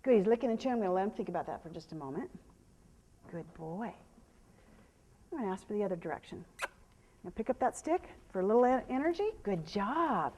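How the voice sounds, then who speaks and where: A woman horse trainer giving a live demonstration, explaining to viewers and softly praising the horse, sometimes dropping to a hush. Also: medium pitch, brisk, long pauses, husky. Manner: drops to a hushed whisper when calming the horse.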